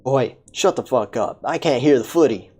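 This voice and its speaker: A woman voicing a crude, lazy male police commissioner, gruff and swearing, in a game playthrough. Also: rumbling low, expressive, normal speed, darkish tone, heavily acted. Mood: dismissive.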